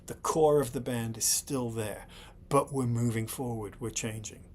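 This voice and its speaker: A man's voice: medium pitch, steady tone, unhurried, a little mellow. Middle-aged male host breaking down lyrics, ordinary mid-range voice, faint background hiss, thinks aloud, keeps asking "right?". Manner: thoughtful, repeatedly checks in with "right?"; blunt and exasperated when scolding critics. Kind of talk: analytical commentary on song lyrics.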